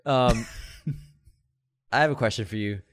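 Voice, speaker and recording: A man co-hosting a casual podcast, talking in a laid-back, halting way that trails off. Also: mid-range voice, a bit bright, no echo, clean studio sound. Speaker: podcast co-host. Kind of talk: casual chat.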